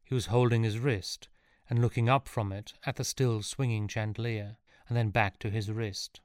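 A man's voice: on the low side, steady tone, normal speed, darkish tone, clean tone, dry recording. A man narrating a comic audiobook in a wry, dry delivery, close to the mic.

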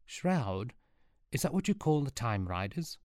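A nervous young time traveller, stammering and alarmed, as a man reads him. The voice sits higher than the narration and is recorded close and dry. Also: sing-song, measured pace, a little mellow, no echo.

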